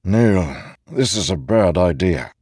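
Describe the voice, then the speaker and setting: A man's voice: low-pitched, expressive, slow, darkish tone, slightly rough, no echo, clean studio sound, full character voice. A man voicing a grave, wary regal figure in an audiobook.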